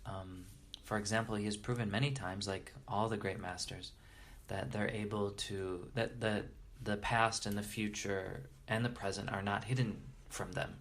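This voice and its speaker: Male interview guest with a lowish voice, earnest and reverent storyteller, halting restarts. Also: steady tone, a bit bright. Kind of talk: storytelling in conversation.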